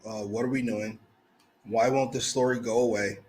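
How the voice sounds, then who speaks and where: A man's voice: on the low side, fairly even intonation, normal speed, a little mellow, a little hiss or hum, poor audio. A man co-hosting a casual wrestling review podcast, talking bluntly, profanely and mockingly. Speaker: podcast co-host.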